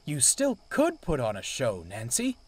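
A man's voice: mid-range voice, wildly swooping pitch, measured pace, background noise. A man voicing a grumpy old male steam engine who talks in a curt, snappish way. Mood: remorseful. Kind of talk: storybook voice acting.

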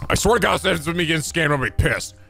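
A man's voice: fairly high pitch, animated, very fast, vocal fry, fairly bright tone, faint music behind. A man doing gaming commentary with joking, crude asides. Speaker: let's play host.

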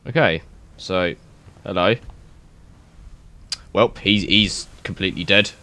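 A young man giving excitable, rambling let's-play commentary, swearing and thinking aloud as he plays. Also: deep voice, slow. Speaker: gaming YouTuber.

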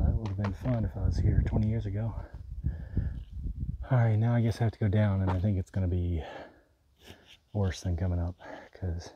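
A man talks through his hiking day in a loose, self-mocking vlog, with dry jokes between updates. His voice sits a little low. Steady noise runs under the outdoor recording. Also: lo-fi sound. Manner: wry, self-mocking running commentary. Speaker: long-distance hiker vlogging. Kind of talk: casual trail vlog.

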